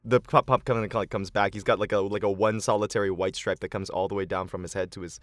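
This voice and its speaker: A man's voice: lowish voice, steady tone, fast talker, hardly any pauses, slight background noise. A young man running a tabletop game as game master, narrating loosely with lots of fillers.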